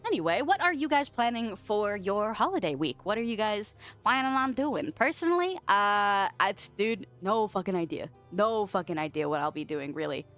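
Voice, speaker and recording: A young woman streamer chatting casually with her viewers, playful and giggly, swearing freely and yelping in a squeaky voice. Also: expressive, moderate pace, few pauses, a bit bright, faint music behind. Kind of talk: casual chat reading viewer messages. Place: home office.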